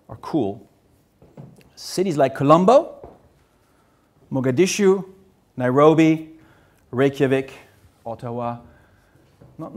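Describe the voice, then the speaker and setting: A man in his sixties from Germany, giving a personal talk on a stage, earnest and measured, often repeating words. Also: medium pitch, darkish tone. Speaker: speaker.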